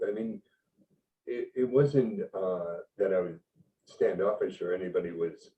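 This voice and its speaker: A man who is a guest writer in an interview, halting and searching for words, laughing often. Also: low voice. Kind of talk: casual interview chat. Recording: dull distant call audio with faint noise.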